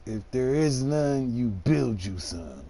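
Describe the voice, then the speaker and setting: A Detroit man with a mid-range, expressive, dark-toned voice talks slowly. He chats casually and slangily with viewers on a live stream while playing a farming game, sounding laid-back.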